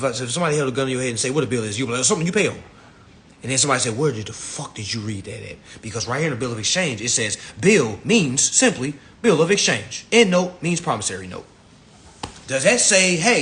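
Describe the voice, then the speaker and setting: A man ranting in on a phone livestream, swearing and swinging between shouting and low muttering. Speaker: social media lecturer. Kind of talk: ranting Instagram live talk.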